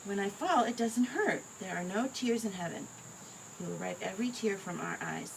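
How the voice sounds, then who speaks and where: A woman reading a picture book aloud to her child in a gentle, expressive way. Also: mid-range voice, moderate pace, low-quality recording. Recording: home recording with clear background noise.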